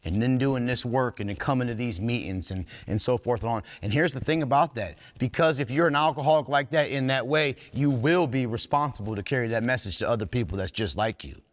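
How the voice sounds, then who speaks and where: A man's voice: medium pitch, brisk, few pauses. A man giving an earnest, plain-spoken talk at a recovery workshop, folksy and blunt with some cursing. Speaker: workshop speaker in recovery fellowship. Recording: long hall reverb.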